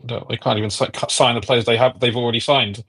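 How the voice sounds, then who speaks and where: Male panelist, quick interrupting chatter, mid-range voice. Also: mid-range voice, steady tone, fairly bright tone, breathy edge. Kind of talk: casual panel chat.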